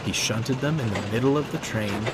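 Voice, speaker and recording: A man narrating a train story in a measured, expressive reading voice. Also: mid-range voice, very noisy. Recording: music under the narration.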